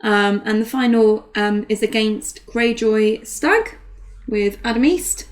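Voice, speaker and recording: A woman, her voice sitting a little high, talks a card game through as co-commentator. She is chatty and self-deprecating and laughs easily. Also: slow pace.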